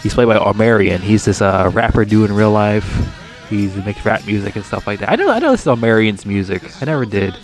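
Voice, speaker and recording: A man giving a casual, rambling movie review, swearing constantly and breaking into exasperated, high-pitched outbursts. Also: lively intonation, brisk, soft background music. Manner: profane, rambling, digressive.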